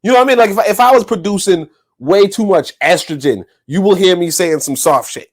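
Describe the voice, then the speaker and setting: A man co-hosting a podcast, talking in a loose, rambling, profane way and laughing loudly. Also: high voice, fairly quick. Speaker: podcast co-host. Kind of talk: casual podcast chat.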